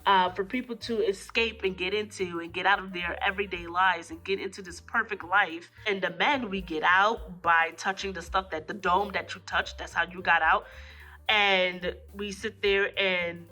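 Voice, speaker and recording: A woman recapping a film in a casual review vlog, a little hoarse from a cold, animatedly acting out the lines as she goes. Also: moderate pace, soft background music. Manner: animated retelling, acting out lines in jumps of pitch. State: hoarse, getting over a cold. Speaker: movie reviewer.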